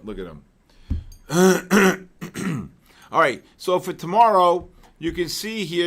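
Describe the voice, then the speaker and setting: A man hosting a live trading session, giving rambling market commentary with repeated words, exclamatory asides and frequent throat clearing. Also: mid-range voice, fairly bright tone. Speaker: trading show host.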